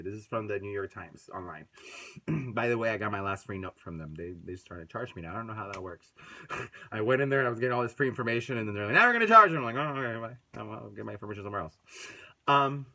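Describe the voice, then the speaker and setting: Man, angry casual commentary, lots of swearing, swings between loud and quiet. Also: lowish voice, rapid-fire. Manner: profane, ranting, swings loud and soft. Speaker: video commentator.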